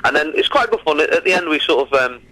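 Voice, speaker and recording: A chatty Northern English man, a comedian guest on a radio chat show, spins anecdotes with a ringing, forceful brightness to his voice. He sits a touch higher in pitch than most men and keeps laughing through his stories. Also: lively intonation, no room sound, low-quality recording. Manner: chatty, laughing storyteller with quick asides. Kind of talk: casual radio interview chat.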